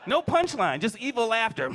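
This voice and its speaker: A man's voice: very high-pitched, very animated, moderate pace, a bit bright. A man in his forties doing a stand-up comedy set, telling stories and acting out his kids. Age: 40s. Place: comedy stage before a live audience.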